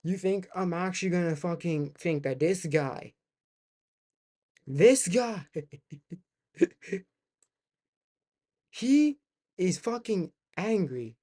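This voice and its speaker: Young male streamer, swearing reaction commentary, warm low timbre, loops phrases. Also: animated, slow, long pauses. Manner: ranting, profane, repeats himself.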